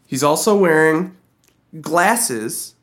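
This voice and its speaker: Bubbly guy on a podcast, kinda higher voice, swings all over. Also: extremely slow. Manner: animated storytelling, giggly. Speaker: podcast co-host. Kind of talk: casual comedic chat.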